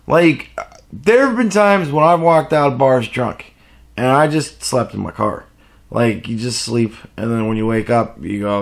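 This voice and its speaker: A man's voice: medium pitch, a little slow, creaky. A man telling a rambling, profane story in a casual vlog rant. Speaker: vlogger.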